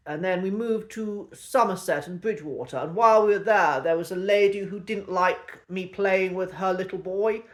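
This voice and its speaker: A male accent teacher and channel host from England speaks to camera in a reflective solo talk, using posh English Received Pronunciation. His voice is light and high, and his delivery is measured and precise, sprinkled with frequent ums.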